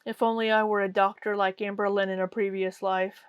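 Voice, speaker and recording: A woman's voice: medium pitch, level tone, a little fast, clean tone, no room sound, muffled recording. A woman hosting a reaction commentary with a sarcastic, mocking way of talking. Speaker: commentary host.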